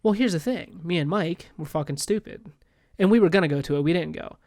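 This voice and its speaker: A man co-hosting a casual podcast, telling a story in a profane, animated way. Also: a little high, fairly quick, dry recording, studio quality. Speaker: podcast co-host.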